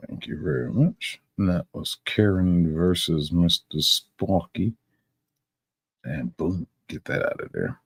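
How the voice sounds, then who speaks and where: A deep-voiced man hosts a live stream and reacts in loose, profane chat. His voice is gravelly and husky, with lively swings in pitch. He talks slowly, and the sound is close and dry. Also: no room sound. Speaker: stream host.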